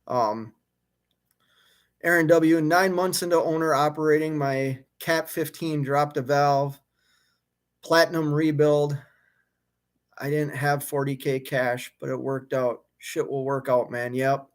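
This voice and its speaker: A man's voice: on the high side, steady tone, a little slow. A man, an owner-operator truck driver, venting his frustration on a live stream from a hotel room, fired up and restarting his sentences, then reading viewer comments.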